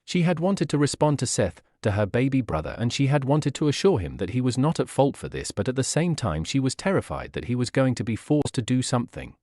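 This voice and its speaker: A man's voice: mid-range voice, very animated, brisk, few pauses, darkish tone, no room sound. Male audiobook narrator, dry sound. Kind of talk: audiobook narration of fan fiction.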